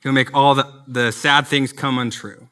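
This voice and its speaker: A man's voice: medium pitch, steady tone, a little slow, pushed and bright. A man preaching a sermon as a pastor, earnest and conversational, with personal asides.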